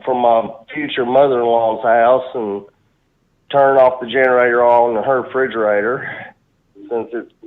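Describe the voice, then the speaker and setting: Alabama man on a tinny phone line. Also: mid-range voice. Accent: Birmingham, Alabama. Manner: easygoing, polite. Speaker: caller. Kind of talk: casual phone chat.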